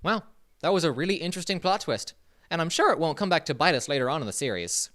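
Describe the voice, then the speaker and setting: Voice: mid-range voice, animated, fast talker, fairly bright tone. A podcast co-host in a comedy sketch who speaks in a mock-serious tone.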